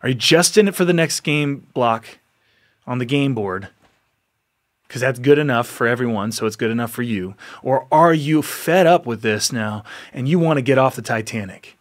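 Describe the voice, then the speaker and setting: A man's voice: mid-range voice, animated, moderate pace. A man hosting a podcast, giving an earnest, exhorting motivational monologue, often repeating himself and laughing between lines. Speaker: podcast host.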